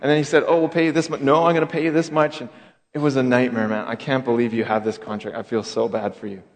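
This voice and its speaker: A man's voice: medium pitch, flat delivery, quick pace, close to an everyday voice. A man voicing a blunt friend who warns about a bad boss with dismayed exclamations, in an echoey hall. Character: worried middle-aged male friend, blunt.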